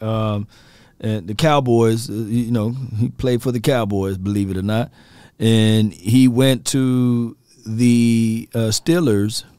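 A man's voice: mid-range voice, darkish tone, clear, resonant tone, no echo. A man hosting a casual sports talk show, joking, laughing often and talking straight to his viewers.

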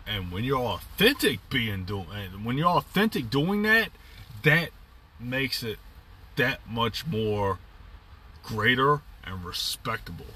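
Bright-voiced man musing off-mic. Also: mid-range voice, very animated, takes it slowly, husky, far from the mic. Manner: rambling, upbeat, with frequent fillers and restarts. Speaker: podcast host. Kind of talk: casual reflective monologue.

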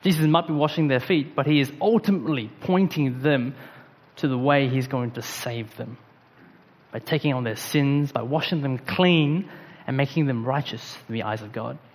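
A man preaching a sermon in a relaxed, conversational way, with slang and frequent fillers. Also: mid-range voice, normal speed, long reverb tail. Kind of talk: casual sermon.

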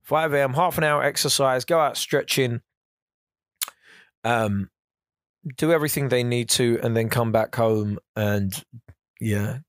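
A young man chatting casually on his solo podcast, animated and slangy. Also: medium pitch, unhurried, long pauses, dry recording, studio quality. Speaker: podcast host.

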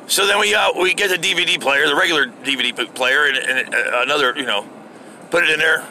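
A man's voice: medium pitch, expressive, brisk, pushed and bright, slight background noise. A middle-aged American man hosting his own podcast, ranting casually and swearing freely. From United States. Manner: profane, exasperated ranting. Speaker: podcast host. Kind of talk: casual solo rant.

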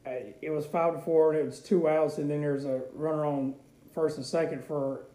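Mellow man chatting about baseball. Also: on the high side, flat delivery, normal speed, echoey room, rough recording. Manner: chatty, rambling recaps with many fillers. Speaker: sports talk co-host. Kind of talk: casual radio sports chat.

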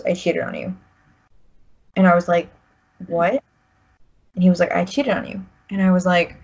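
Husky-voiced woman in her 20s, slightly low, rambling and candid, muffled recording. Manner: rambling, full of "like" and restarts. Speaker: guest sharing a personal story. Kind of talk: candid personal storytelling.

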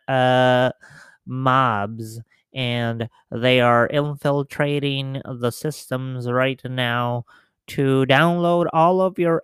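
This is an apologetic male government official, played by a man who rambles nervously and stumbles over fillers. His voice is very smooth and clear, and he speaks slowly. The recording is dry and close. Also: mid-range voice, fairly bright tone, dry recording. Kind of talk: improvised comedy sketch.

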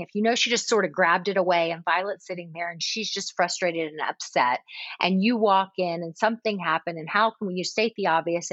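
A woman coaching on parenting in casual conversation, animated, often acting out what a parent says to the children. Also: medium pitch, no room sound. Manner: animated, acts out soothing parent dialogue. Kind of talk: conversational advice. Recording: slightly dull, dry recording.

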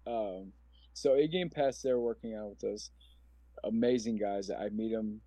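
This podcast guest, a man in his forties from Omaha, Nebraska, recounts his life earnestly and emotionally, rambling as he goes. He talks at normal speed in a dark, low-leaning voice, with no room sound.

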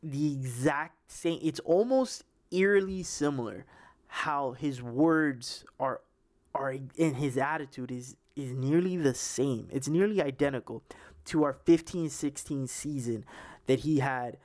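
A man's voice: mid-range voice, slow, a little mellow. A young man hosting a casual sports podcast, rambling with many restarts and fillers. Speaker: podcast host.

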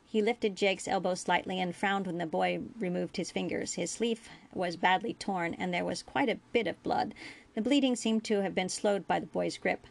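A woman reading fan fiction aloud as a storyteller, with a steady pace and small slips. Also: fairly low pitch, moderate pace, vocal fry. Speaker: audiobook reader.

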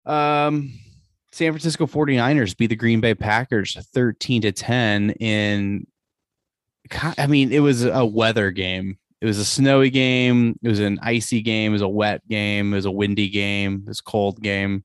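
A man's voice: on the low side, fairly even intonation, normal speed, no room sound, studio quality. A man hosting a casual sports podcast, joking and laughing often as he leads the chat. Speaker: podcast host.

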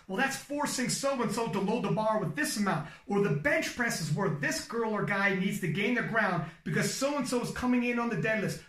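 Casual male talker, high-pitched and animated with a cussing streak, set a bit back from the mic in a roomy space. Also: normal speed, few pauses, recorded from a distance. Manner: animated, swearing, demonstrates hype commentary voice. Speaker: powerlifting commentator. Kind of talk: casual podcast chat giving advice.

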